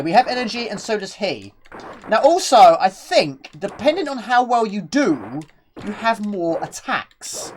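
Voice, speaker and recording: A woman's voice: medium pitch, slight background noise. Breathless chatty woman streamer. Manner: chatty, rambling, reads chat questions aloud. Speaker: live streamer. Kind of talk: casual gameplay commentary.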